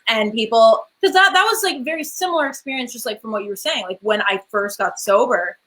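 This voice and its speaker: A woman's voice: on the high side, a bit bright. A woman co-hosting a casual talk, eagerly chiming in and building on points with many restarts. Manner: eager, restarts and fillers, quick to agree. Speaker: podcast co-host. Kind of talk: casual chat.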